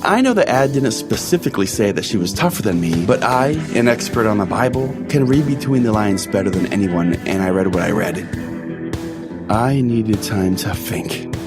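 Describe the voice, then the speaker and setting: A man's voice: on the low side, lively intonation, normal speed, over music. A man voicing a pompous, self-righteous, hotheaded small-town pastor in a comedy podcast sketch. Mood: boastful storytelling. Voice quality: pompous, blustering. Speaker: host.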